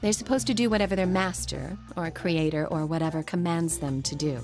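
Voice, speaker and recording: A woman's voice: lowish voice, fairly quick, natural voice. A woman voicing an inquisitive young woman companion who explains things. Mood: curious. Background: faint game music.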